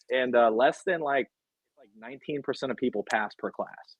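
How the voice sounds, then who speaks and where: Animated man telling his story. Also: medium pitch, brisk, breathy edge, no room sound, poor audio. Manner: animated, rambling with fillers. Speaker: podcast guest, sports agent. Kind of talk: casual storytelling. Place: podcast studio.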